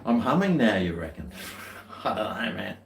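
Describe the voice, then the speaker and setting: Man, low voice, rambling casual vlog chat, chuckling asides. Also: big pitch swings, moderate pace, creaky, a little hiss or hum. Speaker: vlogger. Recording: echoey room.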